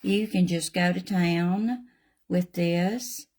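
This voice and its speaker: A woman's voice: lowish voice, slow pace, a little mellow. An older woman with a Southern US accent, casually chatting through a painting demonstration in a folksy way and addressing viewers by name. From Southern United States. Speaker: craft channel host.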